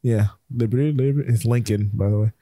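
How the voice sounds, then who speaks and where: A man co-hosting a casual sports chat, rambling and excitable, with plenty of fillers and restarts. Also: mid-range voice, fast talker, no room sound, studio quality. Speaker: podcast co-host.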